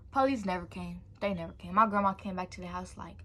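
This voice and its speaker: A young woman vlogger telling a storytime in an animated, slangy way, tossing in "blah, blah" asides. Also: mid-range voice, quick pace, few pauses. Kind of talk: storytime vlog.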